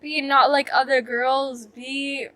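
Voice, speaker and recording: Bright high-voiced young woman vlogger. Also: little pitch movement, slow, dry recording. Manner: rambling, full of "like" fillers, self-mocking. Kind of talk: casual storytime chat.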